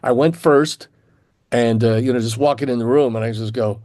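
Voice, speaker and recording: A man's voice: medium pitch, steady tone, normal speed, mellow, no echo, clean studio sound. An older man from Cleveland, a guitarist guest, telling rambling anecdotes in a casual interview. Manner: rambling anecdotes with acted-out quotes and laughs.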